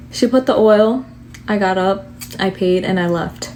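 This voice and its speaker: A woman's voice: fairly high pitch, a little fast, darkish tone, slight background noise. A young woman tells a storytime to the camera in an exasperated rant, with lots of swearing and fillers.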